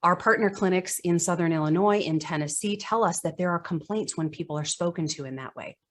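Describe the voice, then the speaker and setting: A woman's voice: on the low side, fairly quick. A woman psychologist giving an online conference presentation. She speaks earnestly, asks rhetorical questions, and stumbles now and then. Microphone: video call microphone.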